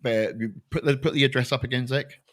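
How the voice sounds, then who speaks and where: A man's voice: mid-range voice, steady tone, fast talker, fairly bright tone. A man co-hosting a casual online chat show over a video call, talking in a rambling, self-deprecating way. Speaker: co-host.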